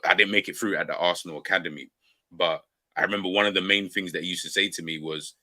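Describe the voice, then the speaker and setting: Deep bright-toned young man. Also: fairly even intonation, fast. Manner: hesitant, restarts often, thinks aloud. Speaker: podcast host. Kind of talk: casual chat.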